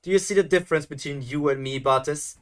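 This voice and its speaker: A man's voice: fairly high pitch, a little fast, close to an everyday voice. A gloating, mocking villain, voiced by a man. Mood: taunting. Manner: mocking, taunting, sing-song laughter. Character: gloating male villain who toys with captives. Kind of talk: animated series dub.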